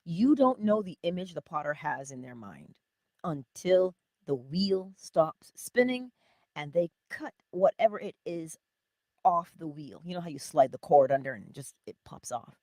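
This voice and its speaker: Lively woman giving a motivational talk. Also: sits low, unhurried, no echo, studio quality. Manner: animated, laughing, talks straight to viewers. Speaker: inspirational speaker.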